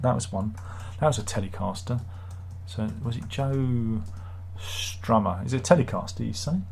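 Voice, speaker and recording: A man's voice: medium pitch, a little mellow, husky. A man hosting a live stream, reading chat comments and grumbling sardonically in a rambling, casual way. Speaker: livestream host.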